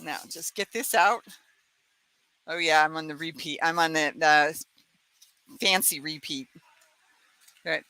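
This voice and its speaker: Woman host, casual home live-stream, chatty and laughing, bright voice. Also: sits low, slow, pauses often, dry recording.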